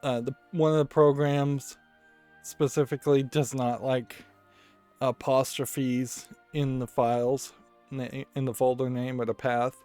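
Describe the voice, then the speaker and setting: A man's voice: medium pitch, flat delivery, measured pace, dark tone, clear, resonant tone, faint music behind. A man giving casual commentary while playing a card game, rambling and thinking aloud and often correcting himself. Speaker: let's play host.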